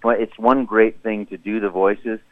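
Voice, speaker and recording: A middle-aged man, a voice actor, telling stories with animated enthusiasm in a radio interview by phone. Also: lowish voice, moderate pace, no echo. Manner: animated, enthusiastic storyteller who slips into voices. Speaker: voice actor, guest. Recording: dry, tinny phone line.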